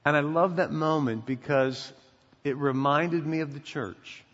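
Middle-aged male preacher, emphatic sermon delivery, fairly high voice, muffled audio with a long church reverb. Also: measured pace. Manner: emphatic, preacherly, drops to quiet intensity. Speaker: pastor. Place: church sanctuary. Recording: dull sound in a reverberant hall.

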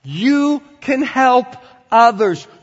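Preaching a sermon in a church sanctuary, this pastor draws out his words, his fairly high voice echoing with long reverb in a somewhat muffled recording. He moves from loud, animated exhortation to quiet, conversational asides.

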